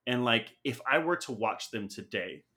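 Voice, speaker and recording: A man's voice: medium pitch, lively intonation, moderate pace, bright, forceful tone. A man co-hosting a podcast, making opinionated points in casual movie chat and leaning on "like" as he builds them. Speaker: podcast co-host.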